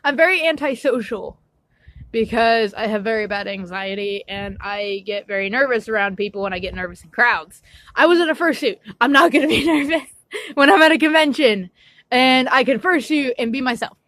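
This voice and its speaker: A woman's voice: a little high, normal speed, a bit bright, no echo. A young woman vlogging an emotional, swear-filled rant, apologetic and shaky as she tells her story. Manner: upset, ranting with frequent swearing.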